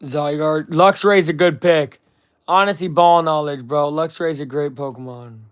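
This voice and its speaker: A man's voice: on the high side, fairly even intonation, measured pace, clear, resonant tone. Rambling jokey young man streaming. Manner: rambling, jokey, slangy, says "bro" a lot. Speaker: streamer reacting to a broadcast. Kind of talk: casual live-stream commentary.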